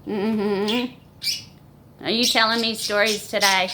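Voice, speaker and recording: A woman's voice: mid-range voice, steady tone, slow pace, sharp tone, a little hiss or hum. A woman coaxing her pets in a sing-song, baby-talk voice, recorded on a phone at home. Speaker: pet owner. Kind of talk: talking to pets. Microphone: phone camera.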